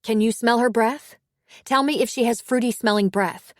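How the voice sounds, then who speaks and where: A woman voicing a female emergency dispatcher who asks questions in a steady, methodical way. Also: fairly high pitch, moderate pace, no room sound, clean studio sound, voice pushed up, close to an everyday voice.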